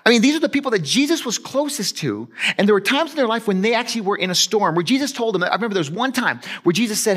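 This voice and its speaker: A male pastor delivers a conversational sermon in a fairly high voice that leaps up and down with lively expression. He moves between emphatic, louder lines and hushed, slowed ones. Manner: animated, conversational preaching with emphatic swings from loud to hushed.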